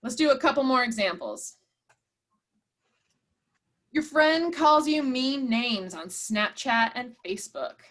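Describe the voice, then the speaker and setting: A woman's voice: high-pitched, lively intonation, takes it slowly, long pauses, fairly bright tone. A woman leading an online workshop, encouraging and reading out participants' chat replies. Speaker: workshop presenter.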